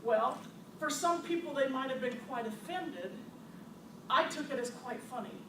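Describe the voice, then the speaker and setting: Captured from a distance in a noisy, echoey room, this woman speaks with a high voice at a normal speed. She owns a store and is presenting to business listeners, telling customer anecdotes with lots of laughter and acted-out customer quotes.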